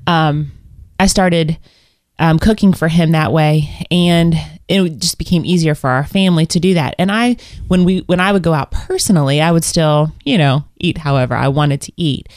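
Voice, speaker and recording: A woman's voice: sits low, a little slow, no echo, studio quality. A woman in her thirties co-hosting a podcast, chatty and rambling, often restarting her sentences and poking fun at herself. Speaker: podcast co-host. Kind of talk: casual chat.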